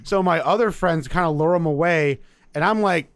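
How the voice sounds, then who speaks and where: A man's voice: a little high, normal speed, clean tone, dry recording. A young man from Indiana telling crude, profane stories in casual chat among friends. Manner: profane, animated, laughing.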